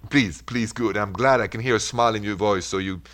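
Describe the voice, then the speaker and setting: A man's voice: on the low side, a little fast, fairly bright tone. A man with a French accent hosting a call-in radio advice show, earnest and reassuring. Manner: earnest, reassuring, speaks in short coaching phrases. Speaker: radio relationship advice host.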